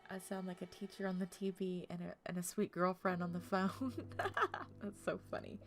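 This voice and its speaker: A woman's voice: lowish voice, level tone, normal speed, faint music behind. A woman from Oklahoma streaming a game, chatting casually with her viewers, laughing often and talking earnestly about her feelings. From Tulsa, Oklahoma.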